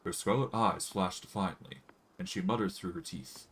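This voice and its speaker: A man's voice: sits low, moderate pace, a little hiss or hum. A man streaming a fantasy role-playing game, casually thinking aloud and narrating the game's text. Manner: relaxed, thinking aloud with fillers.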